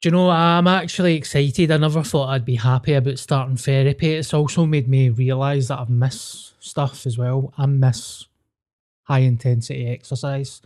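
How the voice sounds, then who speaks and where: A man's voice: medium pitch, fairly even intonation, moderate pace, darkish tone. A man with a Scottish accent, hosting a podcast and telling stories in casual, sweary chat. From Scotland. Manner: sweary, storytelling, laughs easily. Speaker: podcast host.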